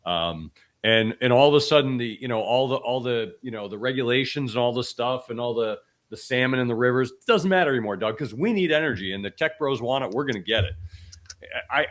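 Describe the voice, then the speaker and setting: A man hosting a podcast, hoarse from a cold, talking bluntly and with opinion, often restarting his sentences. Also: a little fast, a bit bright. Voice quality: extra deep voice. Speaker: podcast host. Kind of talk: casual podcast commentary.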